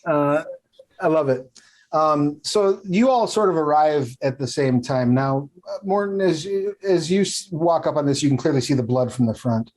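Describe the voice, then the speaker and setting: A man's voice: fairly high pitch, moderate pace, a little mellow, rough recording. Rambling male game master. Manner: rambling, many fillers and restarts. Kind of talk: narrating a tabletop game.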